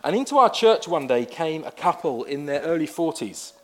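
A man's voice: on the high side, very animated, moderate pace. A man, a pastor telling a personal story in a conversational sermon with wry asides.

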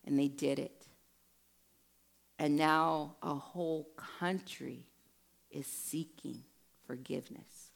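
Low, gravelly woman preaching. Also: slow, long pauses. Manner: storytelling, emphatic, earnest. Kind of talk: sermon with personal testimony.

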